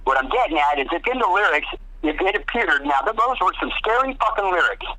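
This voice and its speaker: Swearing freely in a laid-back interview, this guest guitarist shares animated studio anecdotes, voicing other people's quotes himself. He has a high voice and talks a little fast. The audio is poor.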